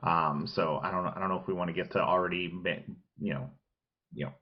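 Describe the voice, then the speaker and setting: Low-voiced blunt podcast co-host. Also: male voice, fairly quick, slightly rough. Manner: blunt, outspoken. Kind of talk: casual podcast chat. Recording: dull lo-fi sound.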